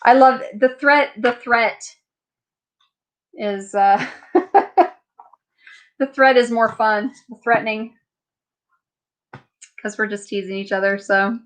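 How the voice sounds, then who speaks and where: A woman's voice: on the high side, fairly even intonation, takes it slowly, long pauses. Tired, chatty woman hosting a live chat. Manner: chatty, rambling, laughs often. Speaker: livestream host. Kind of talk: casual live chat reading viewer comments. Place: home.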